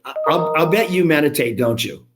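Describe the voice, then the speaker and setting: This man, a gym franchise founder in his 50s, trades candid, gabby, self-mocking anecdotes as a guest on an informal podcast. His voice sits on the high side, brisk with lively intonation.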